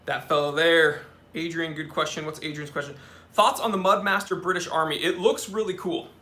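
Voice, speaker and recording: Young male host, bright tone, slightly high, chatty live Q&A delivery. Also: steady tone, normal speed. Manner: chatty, answers questions off the cuff, talks to his cats. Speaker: watch channel host. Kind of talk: live-stream Q&A reading viewer comments.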